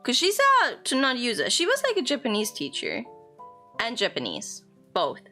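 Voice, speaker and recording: Pitched a little high and swinging widely in pitch, this young woman streamer keeps a moderate pace with a bright, forceful tone. She's casually and playfully teaching Japanese words on her live stream, cursing occasionally, while faint music plays behind her.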